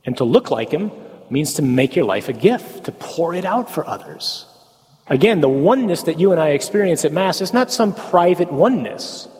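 A man's voice: fairly high pitch, big pitch swings, normal speed, a little mellow, in a large hall. A man giving a conversational talk on the Mass to a parish group, asking rhetorical questions, tagging lines with "huh?" and slipping in folksy humorous asides.

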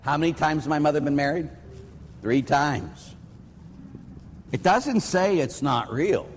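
A slightly high-voiced male priest from Pittsburgh, telling stories in an easygoing sermon. His voice rings out into a long reverb, as in a large church. He talks plainly and anecdotally, with everyday turns of phrase. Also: lively intonation, measured pace, a little hiss or hum. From Pittsburgh, USA. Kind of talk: conversational sermon.

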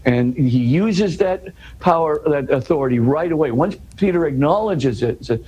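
A man's voice: on the high side, animated, normal speed, dark tone, breathy edge, poor audio. A man, a guest in an interview, explaining scripture in earnest conversation. He restarts and repeats words, tags his points with "right?" and builds to emphatic questions.

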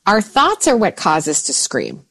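Woman, 40s, animated coach voice with a very lively pitch range, chatty. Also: a little slow, creaky. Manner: animated, jumps into high voices for quoted thoughts. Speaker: mindset coach. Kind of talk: casual podcast chat.

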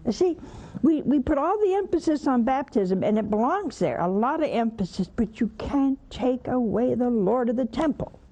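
A woman's voice: fairly high pitch, animated, normal speed, dark tone, muffled recording. An older woman hosting a religious call-in show, preaching emphatically, scolding and mocking. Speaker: religious TV host taking calls.

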